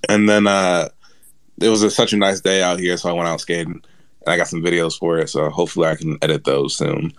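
A man chatting casually as a guest, relaxed and easygoing. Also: low-pitched, a little fast, no echo. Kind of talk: casual chat.

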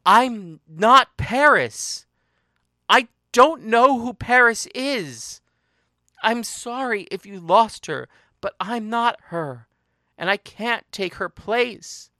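A storyteller voicing a distraught young woman who pleads slowly and insistently that she is not the person mistaken for her. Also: mid-range voice, expressive, fairly bright tone, no room sound, studio quality, pitched above the performer's own voice. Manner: pleading, insistent, slow and emphatic. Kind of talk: dramatic audiobook reading.

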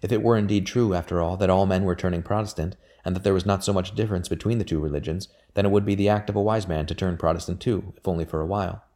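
A man reading a historical novel aloud as audiobook narration, with a measured, unhurried delivery. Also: low-pitched, steady tone, mellow. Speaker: audiobook reader.

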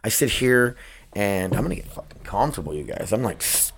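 A man's voice: fairly low pitch, lively intonation, a little fast, noisy background. A young man hosting a casual solo podcast from home, rambling and swearing casually, close to the mic. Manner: rambling, swears casually, self-talk asides. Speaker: podcast host. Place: home, dogs nearby. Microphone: close microphone.

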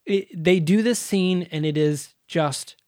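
A woman's voice: on the low side, slow, a little hiss or hum. A woman co-hosting a podcast, retelling a movie scene by scene in casual, swear-laden chat. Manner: animated, swearing, acting out scenes with laughs. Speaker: podcast co-host.

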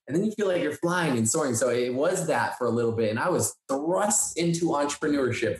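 A man co-hosting a podcast, telling a story in a casual, animated way and acting out the dialogue he quotes. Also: medium pitch. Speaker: podcast co-host. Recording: echoey room.

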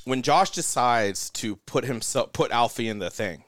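A man co-hosting a podcast, excitedly retelling a film scene with lots of swearing and rambling. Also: medium pitch, normal speed, no echo, studio quality. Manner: excited, profane, rambling storytelling. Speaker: podcast co-host. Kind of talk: casual chat.

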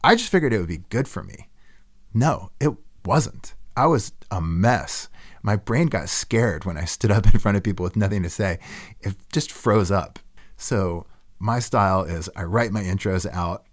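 Low-voiced self-deprecating male podcast host. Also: lively intonation, moderate pace. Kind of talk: casual reflective monologue.

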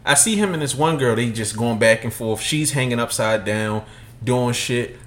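A man in his thirties co-hosting a sneaker podcast, telling stories in casual, profane chat and acting out loud quotes. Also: mid-range voice, normal speed. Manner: animated, profane storytelling with loud acted-out quotes. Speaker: podcast co-host.

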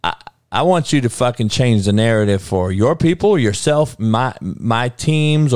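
A lowish, slightly mellow, smooth male voice belongs to a livestream host replying casually to chat. He's heated and swears, asks rhetorical questions in rapid succession, and frequently restarts or stammers over repeats. There's no echo, and the audio is studio quality.

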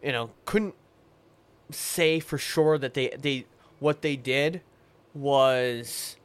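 A man's voice: medium pitch, drawn-out words, smooth. A man co-hosting a casual history podcast, rambling and hesitant, with jokey asides. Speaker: podcast co-host.

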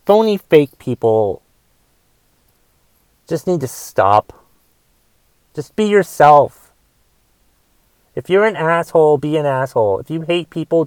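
A man with a fairly high, smooth, resonant voice hosts his podcast alone, ranting in a loose, profane stream. He repeats words and restarts his sentences often. The sound is dry and close, with no room around it. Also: a little mellow, no echo, poor audio. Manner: profane, repetitive, frequent restarts. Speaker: podcast host. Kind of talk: casual monologue rant.

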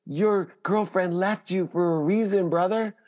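A man doing a booming, loving all-knowing God. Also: fairly even intonation, measured pace, darkish tone. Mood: emphatic. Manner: emphatic, raised and preachy.

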